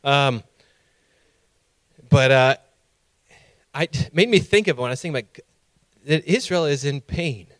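A male preacher with a fairly high voice delivers a sermon, moving between scripture reading and a lively personal story. He acts out his own past lines loudly, and the sound is close and dry. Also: measured pace, long pauses, no room sound.

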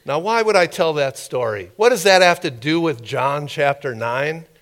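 Man preaching in a relaxed, conversational way. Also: a little high. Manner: conversational, halting with fillers. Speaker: pastor. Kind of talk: sermon storytelling.

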